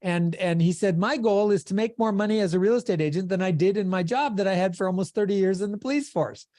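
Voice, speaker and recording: A man's voice: high voice, quick pace, warm tone, no room sound, clean studio sound. A man giving a motivational coaching talk on a video call, with an emphatic, preacher-like cadence. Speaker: sales coach.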